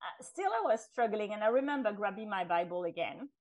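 Woman guest on a podcast, middle-aged, chatty and animated, keeps restarting her sentences. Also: mid-range voice, fairly quick, low-quality recording. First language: French. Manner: chatty, with restarts and laughs, acts out her past self in quotes. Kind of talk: personal testimony in an interview.

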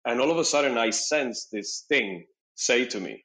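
Animated storytelling man, lively voice. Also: mid-range voice, normal speed, rough recording. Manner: animated, acts out dialogue, frequent "you know". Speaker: podcast guest. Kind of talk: storytelling in casual conversation.

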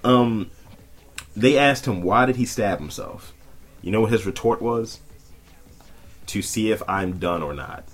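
A man in his thirties co-hosting a podcast in loud, profane casual chat, often jumping up into high mocking voices. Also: a little slow, pauses often. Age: 30s. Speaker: podcast co-host.

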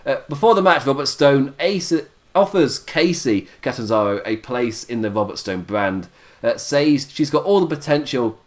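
A British man hosting a casual wrestling review podcast sounds worn out, his voice going, while he chats and laughs a lot. His voice is medium-pitched with lively intonation at a normal pace.

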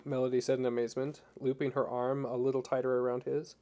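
A man narrates a novel chapter in a steady, scripted audiobook read. His voice is mellow and soft-edged, at a middle pitch. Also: quick pace, few pauses.

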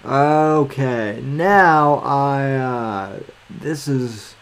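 Very slow, halting male podcast host. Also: medium pitch, clear, resonant tone. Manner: halting, searching for words while working the screen. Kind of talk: casual podcast talk.

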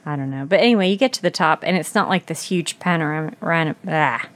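Low-voiced, wry female podcast co-host. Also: quick pace. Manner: blunt, wry asides. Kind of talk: casual chat.

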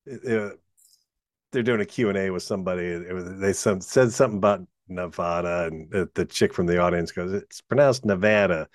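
A man's voice: sits low, a little fast, no room sound, clean studio sound. A man co-hosting a podcast, telling a rambling anecdote in casual chat and laughing at his own story. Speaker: podcast co-host.

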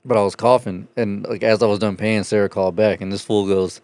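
A man with a fairly low voice chats casually, telling crude anecdotes and laughing often. His voice is close and dry with no room sound. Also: fairly even intonation, fairly quick, darkish tone, smooth, dry recording. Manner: profane, laughing storyteller. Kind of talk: casual chat.

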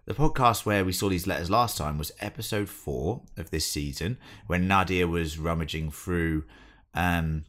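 A man's voice: low-pitched, normal speed, few pauses, a bit bright. An English man co-hosting a podcast, chatting casually as he recaps an episode from his notes. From England. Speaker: podcast co-host. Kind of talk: casual chat.

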